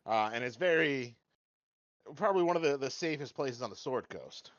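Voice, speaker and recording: A man's voice: mid-range voice, expressive, moderate pace, fairly bright tone, no room sound. A man playing a tabletop game who jokes casually and laughs often. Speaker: player. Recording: dull lo-fi mic.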